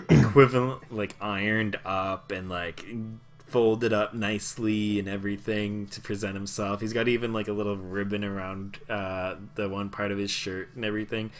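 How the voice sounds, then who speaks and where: A man's voice: lowish voice, flat delivery, moderate pace, soft background music. A man narrating a tabletop game as game master, in a casual, rambling way. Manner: casual and rambling, many fillers.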